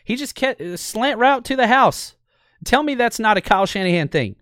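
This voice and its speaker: Opinionated male sports host, slightly high voice, talks through game film with a laugh, dry booth sound. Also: normal speed, no room sound. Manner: animated and opinionated, laughs often. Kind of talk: casual football film breakdown.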